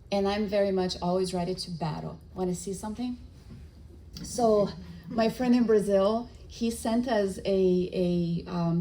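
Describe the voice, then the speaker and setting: Captured in poor audio, a middle-aged woman with a medium-pitched voice delivers a spiritist lecture. She brings her stories to life by voicing the characters' lines, frequently starting over mid-thought.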